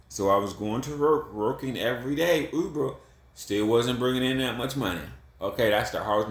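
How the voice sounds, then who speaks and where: A man's voice: lowish voice, fairly bright tone. A middle-aged man from Ohio giving blunt, repetitive, swearing advice in a casual monologue, laughing at himself. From Columbus, Ohio. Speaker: vlogger. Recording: echoey room.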